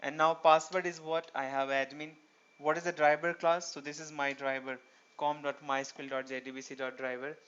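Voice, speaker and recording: A man's voice: on the high side, flat delivery, fairly quick, a bit bright, clear, resonant tone. A man teaching a programming tutorial, explaining step by step and asking himself rhetorical questions. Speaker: programming instructor. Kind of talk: screen-recorded tutorial lecture. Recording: dull lo-fi recording.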